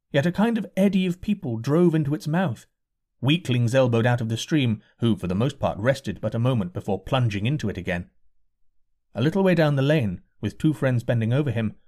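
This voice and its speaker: A man reading a novel aloud as an audiobook narrator in a measured, deliberate way. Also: mid-range voice, darkish tone. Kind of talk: scripted narration.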